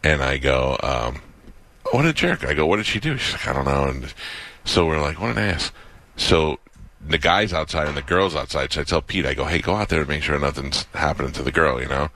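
A man's voice: a bass voice, fairly quick. A man co-hosting a radio show, telling a story in casual banter and acting out the voices of the people in it. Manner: animated storyteller, acts out quoted voices.

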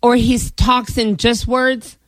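A woman's voice: on the high side, unhurried, no echo, clean studio sound. A woman comedian chatting as a guest and acting out the people she quotes. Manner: animated, acts out quotes. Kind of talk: comic radio chat.

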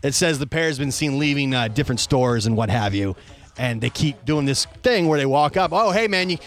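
A man's voice: medium pitch, animated, fairly quick, faint music behind. A man hosting a radio show, chatting casually with co-hosts in a studio and teasing them. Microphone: studio microphone.

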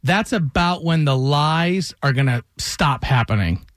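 A man with a somewhat raised pitch tells animated anecdotes as a morning radio co-host. The sound is close and dry on a studio microphone. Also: measured pace, dry recording. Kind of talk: casual morning radio chat.

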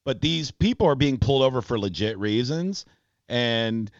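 A man's voice: medium pitch, normal speed, no room sound. A man in his forties hosting a radio talk show, telling stories with lots of fillers. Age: 40s. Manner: animated storytelling, frequent fillers, laughs. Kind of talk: casual talk radio banter. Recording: dull dry studio sound.

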